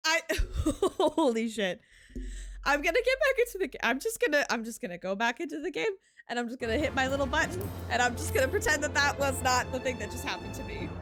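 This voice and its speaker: A woman's voice: high-pitched, big pitch swings, fast talker. A young woman streaming a video game live, talking emotionally to her viewers, exclaiming and laughing often. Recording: game music playing behind.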